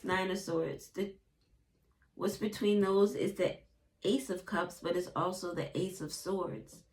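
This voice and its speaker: A woman's voice: fairly low pitch, steady tone, slow, darkish tone. A woman giving a casual tarot reading, chatty and acting out little quotes in playful voices. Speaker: tarot reader.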